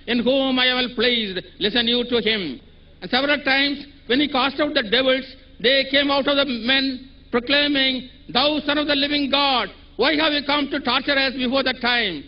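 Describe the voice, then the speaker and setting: A man asking a question from the audience at a public event, earnestly quoting scripture at length. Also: very high-pitched. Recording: dull lo-fi event recording.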